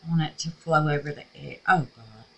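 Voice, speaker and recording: A Southern craft vlogger from Mississippi talks a little fast in a low, gravelly voice with a breathy edge and fairly even intonation. She chats casually through a crafting tutorial in her home craft room, which has an air purifier, talking to herself and calling her viewers babies. Her voice is scratchy.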